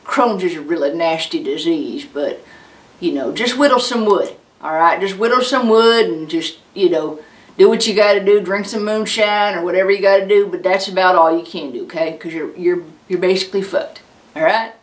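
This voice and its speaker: Woman doing a gruff Southern redneck doctor. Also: on the low side, normal speed, reverberant, distant mic, lightly acted, poor audio. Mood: blunt. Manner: drawling, folksy and blunt.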